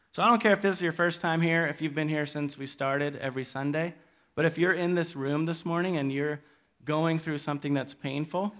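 A man preaching a sermon to his church, speaking in an earnest, halting way and pleading gently with his listeners. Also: on the high side. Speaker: pastor. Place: church hall.

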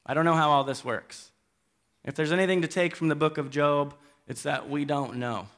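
A man's voice: on the high side, moderate pace, fairly bright tone. Earnest pastor pleading with his congregation. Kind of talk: sermon. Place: church hall.

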